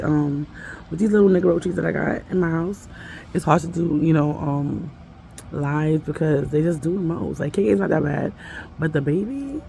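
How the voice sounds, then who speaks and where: A woman vlogger chats from home in a rambling, easygoing way, her voice gravelly with vocal fry. A faint background noise sits under her talk. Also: low voice, dark tone. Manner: rambling, chatty, talks to her toddler between asides. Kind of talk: casual vlog chat.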